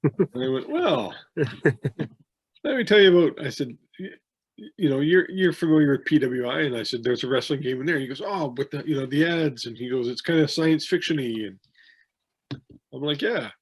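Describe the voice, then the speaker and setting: A man's voice: medium pitch, a little fast, breathy edge. A man co-hosting a podcast, telling rambling anecdotes with many restarts and fillers in a casual chat. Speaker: podcast co-host, wrestling promoter.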